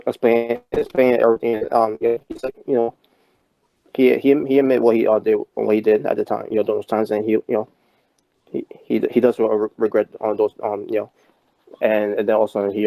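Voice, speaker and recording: Male podcast co-host, mellow voice, rambling delivery full of fillers, dry close sound. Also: lowish voice, no echo, poor audio. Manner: rambling, many restarts and fillers. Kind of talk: casual wrestling talk.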